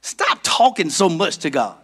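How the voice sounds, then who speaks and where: A middle-aged man from Georgia preaching a sermon as pastor, building to shouts and calling out to the congregation. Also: fairly high pitch, huge pitch swings, measured pace, breathy edge. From Georgia, United States.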